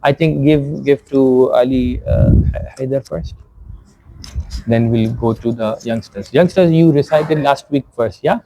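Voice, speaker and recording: A man teaching recitation rules, patiently explaining pronunciation and gently correcting the reciters. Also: medium pitch, a little slow, vocal fry. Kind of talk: tajweed lesson with corrections. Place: community centre prayer hall.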